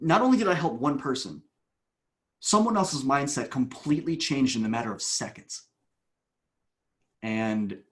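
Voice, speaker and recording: A man, a coach, telling a long story as a podcast guest, with animated bursts and hushed asides. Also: medium pitch.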